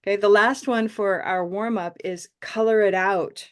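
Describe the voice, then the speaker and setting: A woman leads an online pronunciation class, speaking through a video call mic. She praises her students warmly and stretches out vowel sounds so they can copy them. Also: medium pitch, steady tone. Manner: encouraging, models vowel sounds slowly. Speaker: pronunciation teacher.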